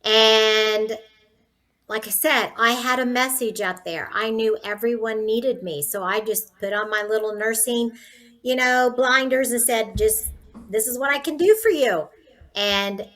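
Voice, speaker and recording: A woman's voice: on the high side, bright, forceful tone, poor audio. A woman in her sixties, a nurse turned entrepreneur, telling her story as an interview guest in an earnest, faith-filled, candid way. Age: 60s.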